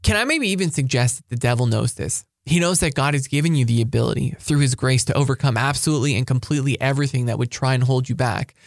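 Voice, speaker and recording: Man, pastor, motivational sermon, energetic, emphatic, repeats key lines, mid-pitched voice, dry close sound. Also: fast, creaky, few pauses, no room sound. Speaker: pastor giving a talk to high school students. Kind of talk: sermon-style motivational talk.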